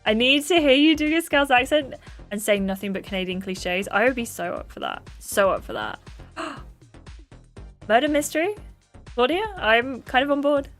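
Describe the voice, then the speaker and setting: A woman's voice: high voice, very animated, moderate pace, a bit bright, faint music behind. A woman streaming a story game, reading its dialogue aloud and chatting with her viewers, often apologizing for her slips.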